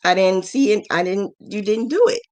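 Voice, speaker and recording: A woman hosting a live business mentoring stream, frank and emotional, acting out quoted voices with big jumps in pitch. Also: normal speed, darkish tone. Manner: frank, emotional, scolding yet affectionate. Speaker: business mentor and crochet channel host.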